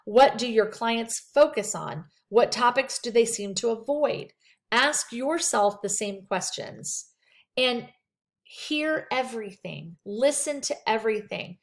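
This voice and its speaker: A woman with a fairly high voice and lively intonation speaks slowly while giving a counseling skills lecture. She reads points off her slides and adds casual asides drawn from her own practice, keeping things conversational as a counseling instructor.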